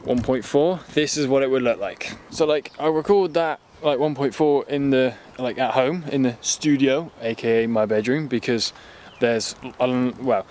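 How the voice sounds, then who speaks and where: A man's voice: mid-range voice, moderate pace, darkish tone, a little hiss or hum. An English man casually reviewing a camera lens in a rambling, jokey, sweary vlog chat.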